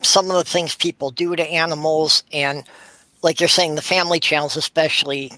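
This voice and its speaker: A man with a bright, somewhat high voice gives measured, earnest opinions in a casual chat. The sound is dry and close. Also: steady tone, no room sound, rough recording.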